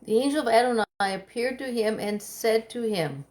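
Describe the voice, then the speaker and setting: A woman reading Bible passages aloud during a study, in a measured, careful way. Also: fairly high pitch, darkish tone. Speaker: scripture reader.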